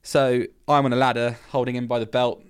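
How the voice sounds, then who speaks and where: A man, a festival founder and firefighter, telling animated, self-mocking stories with frequent laughs as a podcast guest. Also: medium pitch, brisk, clean tone. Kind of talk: casual storytelling interview.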